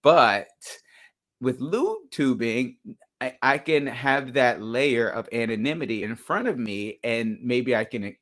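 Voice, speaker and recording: A man's voice: mid-range voice, slow, fairly bright tone. A man co-hosting a podcast, chatting casually and playfully with frequent laughter. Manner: giggly, playful. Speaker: podcast co-host. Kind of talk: casual chat.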